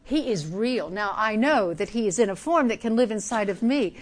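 A woman preaching a sermon in an earnest, emphatic way, dropping now and then to a soft hush. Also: medium pitch, animated, normal speed.

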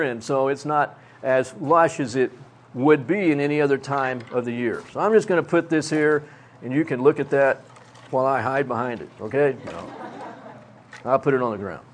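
An older pastor from Texas, preaching a sermon in a folksy, self-mocking way. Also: male voice, a little high.

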